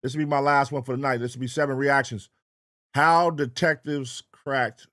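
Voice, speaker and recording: A man from the US West Coast hosting a late-night livestream, loose and profane, reeling off shout-outs to chat viewers in a sing-song way. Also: medium pitch, steady tone, normal speed, no echo, studio quality. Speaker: livestream reaction host.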